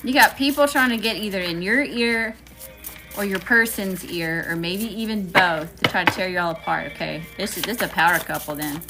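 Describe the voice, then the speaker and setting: A woman's voice: lowish voice, moderate pace, music in the background. A woman with a Southern accent doing a casual tarot reading, chatty and slangy, talking back to Spirit. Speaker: tarot reader.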